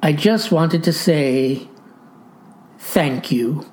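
A woman's voice: low voice, drawn-out words, darkish tone, slight background noise. A woman voicing an earnest, polite young boy in a storybook read-aloud.

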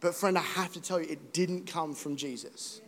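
Young male pastor, high voice, jokey then fervent sermon, long church-hall reverb. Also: moderate pace. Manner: animated, joking, rising to emphatic exhortation. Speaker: preacher. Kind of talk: energetic sermon.

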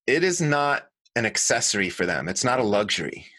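A middle-aged American author and designer tells stories as an interview guest, earnest and animated, frequently correcting himself mid-sentence. His voice sits at medium pitch and moves briskly, captured in a dry recording.

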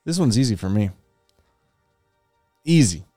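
A man's voice: on the low side, very animated, a little slow, dark tone, soft background music. A man co-hosting a casual movie podcast, swearing eagerly and tagging "right?" onto his points. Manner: enthusiastic, profane, rhetorical "right?". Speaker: podcast co-host.

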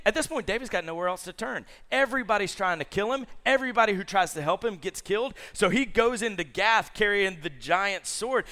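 A man preaching to young people as a youth pastor, telling the story in a lively, casual way and asking the audience questions. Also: high-pitched.

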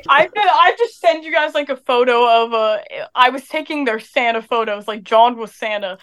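Woman, high voice, podcast co-host, rambling, laughs a lot. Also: lively intonation, normal speed, a bit bright, smooth. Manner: rambling storyteller, laughs often. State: sick. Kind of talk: casual chat.

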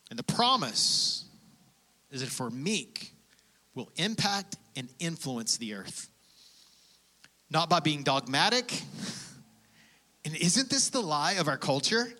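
A male pastor delivers a sermon in a high, bright voice. He preaches in an animated, conversational way, laughing between points and acting out prayers and everyday speech. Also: slow pace, long pauses.

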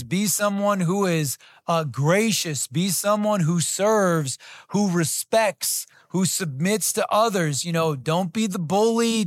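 A man's voice: high-pitched, dry recording, clean studio sound. A man giving a conversational Bible teaching, reading scripture aloud and repeating key points for emphasis. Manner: plain-spoken, repeats key phrases for emphasis.

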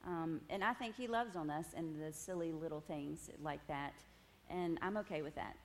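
Speaking to women at tables, a ministry speaker shares her personal testimony with animation, laughing and often turning to the room with asides. She has a low voice and a moderate pace, and there's a little hiss or hum.

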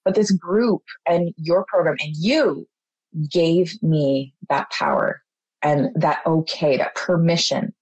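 A woman's voice: deep voice, animated, takes it slowly, darkish tone, husky, no echo, rough recording. A mother speaking as an interview guest, sharing her story in a heartfelt, openly emotional way. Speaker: mother and program participant, guest. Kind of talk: personal testimonial in an interview.

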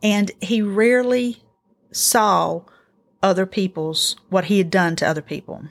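A middle-aged woman hosting a casual faith-based parenting talk, earnest and encouraging, telling family stories in an animated way. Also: mid-range voice, a little slow, vocal fry. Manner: earnest, encouraging, animated storytelling with acted quotes. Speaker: podcast host.

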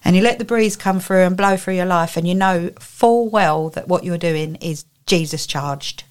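A woman with a somewhat low voice co-hosts a relaxed faith podcast. She talks in a chatty way and paints vivid word pictures. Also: normal speed. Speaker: podcast co-host. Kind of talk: casual faith podcast chat.

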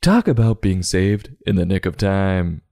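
A man hosting a comedic book review, sarcastic and crude, with deadpan asides. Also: sits low, unhurried. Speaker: podcast host reviewing a book.

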